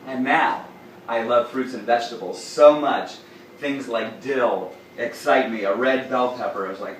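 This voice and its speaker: A man's voice: medium pitch, moderate pace, a little hiss or hum. A playful, effusive man demonstrating a recipe in a home kitchen, cooing at his cat between steps. He sounds far from the mic in a very echoey room, with faint ambience behind him. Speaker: raw food cooking show host. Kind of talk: casual cooking demonstration.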